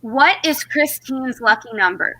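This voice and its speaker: Bright-voiced woman hosting a quiz. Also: high voice, unhurried, low-quality recording. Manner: lively, laughing often. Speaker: quiz host. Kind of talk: casual quiz chat on a video call.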